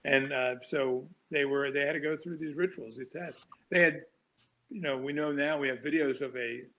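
Sharp in tone and mid-range in pitch, the author guest keeps his intonation fairly even and his pace moderate. He is a man on a talk show, spinning long, rambling stories with lots of restarts and chuckles in a casual interview. The recording quality is low.

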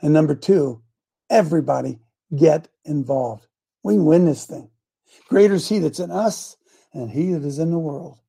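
Man, middle-aged, combative talk host, high-pitched, gravelly, mellow and husky. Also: moderate pace. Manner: combative, scolding, preacher-like. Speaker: host of a call-in show. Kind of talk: fiery talk show preaching.

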